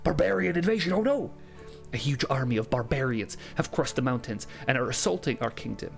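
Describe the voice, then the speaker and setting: A man's voice: medium pitch, expressive, fast talker, vocal fry, faint music behind. A man casually commenting while playing an AI role-play game, reading its text aloud, laughing often and swearing. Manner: quieter, softer delivery later on.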